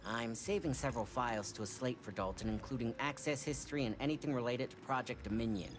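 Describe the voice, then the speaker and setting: A man's voice: mid-range voice, fast talker, background noise, natural voice. An actor playing a smug, self-assured male hacker contact in a video game. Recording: game audio with loud music behind. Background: game music.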